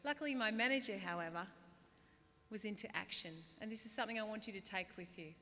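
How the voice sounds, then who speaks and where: An Australian woman in her thirties giving a humorous, self-deprecating graduation speech, now and then bursting into loud put-on voices. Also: mid-range voice, fast. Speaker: guest speaker. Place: large hall. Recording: reverberant hall, faint ambience.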